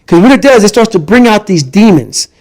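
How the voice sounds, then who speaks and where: A man with a fairly high voice for his sex tells a hard personal story in conversation. He is emphatic and intense, repeating lines to drive each point home, and he speaks as a podcast guest. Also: sing-song, fairly quick, a little mellow, low-quality recording.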